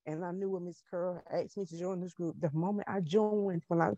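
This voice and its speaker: A woman on a group video call fights back tears, her voice soft and halting as she repeats herself. The sound is dry, with no room around it. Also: lowish voice, fairly even intonation, dry recording, muffled recording. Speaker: call participant asking a question. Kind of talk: emotional testimony on a video call.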